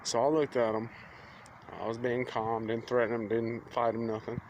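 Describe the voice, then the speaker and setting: A man's voice: medium pitch, little pitch movement, moderate pace, darkish tone. A young man, telling a story to camera in a plain-spoken, earnest way. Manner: plain-spoken, earnest, quotes others in conversation. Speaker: vlogger. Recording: faint outdoor street noise.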